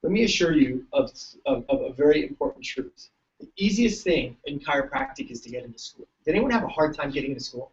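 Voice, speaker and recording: A man's voice: fairly high pitch, animated, fast, recorded from a distance, dull audio. A man giving a joking, story-filled motivational talk to students at a large event. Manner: joking, tells stories, laughs often. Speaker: keynote speaker.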